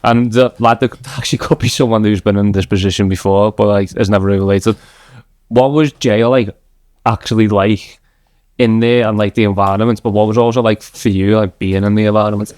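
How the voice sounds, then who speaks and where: A man's voice: lowish voice, steady tone, fairly quick, a little mellow, no echo. A man hosting a podcast, asking easygoing questions full of "like". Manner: easygoing questions, many "like" fillers. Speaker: podcast host. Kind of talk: casual interview.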